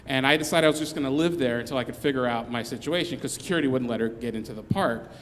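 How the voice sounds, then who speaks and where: A man telling a comic story live on stage, rambling along with restarts and quick asides. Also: medium pitch, big-room sound, a little hiss or hum.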